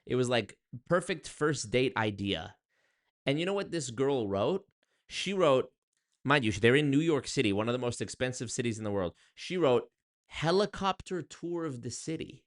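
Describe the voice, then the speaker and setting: A young man from Canada telling dating stories to camera in a casual, sarcastic monologue, jumping up into loud exclaims. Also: normal speed. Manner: animated, sarcastic, jumps to high exclaims. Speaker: vlogger.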